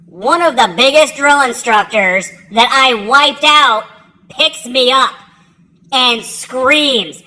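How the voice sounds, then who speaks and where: A woman's voice: high-pitched, slow pace, sharp tone, rough recording. A woman telling a casual, rambling story about her own past, swearing freely and laughing at herself. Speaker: military veteran telling a story.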